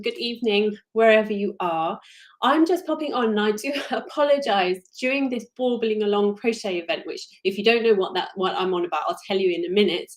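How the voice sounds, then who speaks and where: A woman with a British accent, a crochet designer hosting a casual live stream, talking in a rambling, chatty and apologetic way. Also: fairly high pitch.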